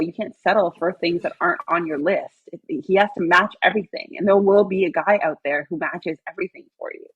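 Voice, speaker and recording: A woman hosting a podcast in casual conversation, excitable and acting out her own past words as she tells stories. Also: lowish voice, brisk, slightly rough, dry recording, narrow, tinny audio. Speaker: podcast host.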